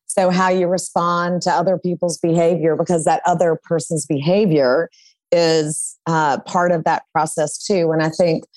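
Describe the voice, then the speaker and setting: A woman's voice: fairly low pitch, level tone, normal speed, darkish tone, dry recording. A woman appearing as a divorce attorney guest on a podcast, talking in a reflective, candid way. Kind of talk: conversational interview.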